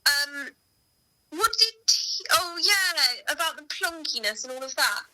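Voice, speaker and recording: A woman in a casual chat as co-host, reacting with giggles and animated exclamations. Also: high voice, a little slow, rough recording.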